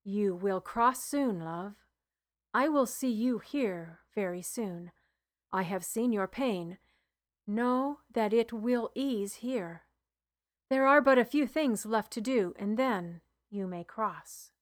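A woman reading the lines of a dead husband's spirit in an audiobook, in a soft, consoling way. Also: mid-range voice, animated, slow. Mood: tender. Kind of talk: audiobook narration.

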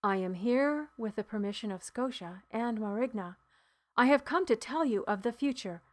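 A woman reading the lines of a dead husband's spirit in an audiobook, in a soft, consoling way. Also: fairly high pitch, lively intonation, normal speed, lightly acted. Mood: urgent. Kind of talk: audiobook narration.

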